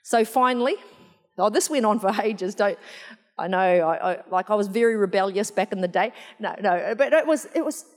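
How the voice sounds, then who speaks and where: A woman's voice: fairly high pitch, fairly quick. A woman preaching a sermon in a chatty, humorous storytelling way, full of asides. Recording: long hall reverb.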